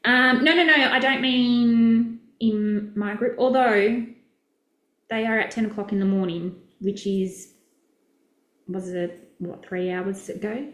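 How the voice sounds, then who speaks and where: Australian woman, middle-aged, chatty business coach, mid pitch, roomy echo. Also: slow pace. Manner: chatty, upbeat, direct. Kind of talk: casual live-stream teaching.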